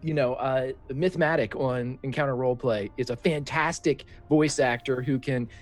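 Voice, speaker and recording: A man who runs tabletop games, telling animated stories and giving casual tips. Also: medium pitch, normal speed, soft background music. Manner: animated storytelling, laughing.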